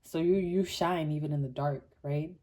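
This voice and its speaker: Low-voiced woman giving a chatty tarot reading. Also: moderate pace. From Botswana. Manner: chatty and animated, many "like" fillers, laughs often. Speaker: tarot card reader. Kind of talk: casual pick-a-card tarot reading.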